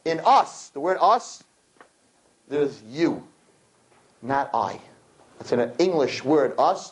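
A man giving a sermon to a live audience, preachy and animated, acting out little scenes as he talks. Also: a little high, rough recording. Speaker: religious speaker.

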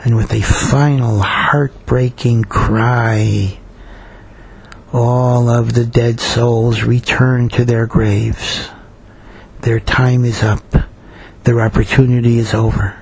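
A man delivers a storytelling sermon with a gravelly, creaky edge and a somewhat husky tone. He speaks earnestly and draws out key lines slowly for emphasis. His pitch sits in an ordinary middle range. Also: darkish tone, rough recording. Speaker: rabbi giving a Torah talk.

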